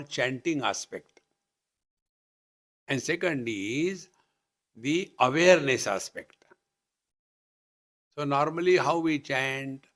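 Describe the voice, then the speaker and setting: With a mid-range, fairly bright voice, a man in a retreat hall delivers a live spiritual discourse in Indian English. He's playful as he teaches, teasing his audience in asides and breaking into chants.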